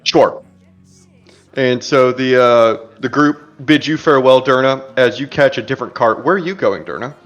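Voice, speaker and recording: A man narrating a tabletop role-playing game as game master, in a relaxed, chatty way. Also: medium pitch, normal speed, highs cut off, soft background music. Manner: relaxed and chatty, laughs easily.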